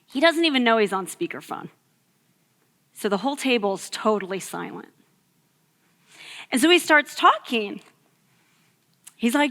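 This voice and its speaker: A woman's voice: fairly high pitch, a bit bright. A woman in her thirties giving a sermon to a youth service, telling a personal story in a conversational way with many fillers. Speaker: youth ministry speaker. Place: church hall. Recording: echoey hall.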